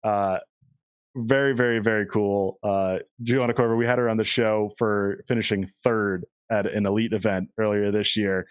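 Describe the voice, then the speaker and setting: Excitable man co-hosting a podcast. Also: fairly low pitch, normal speed, clear, resonant tone, no echo. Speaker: podcast co-host. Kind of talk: casual chat.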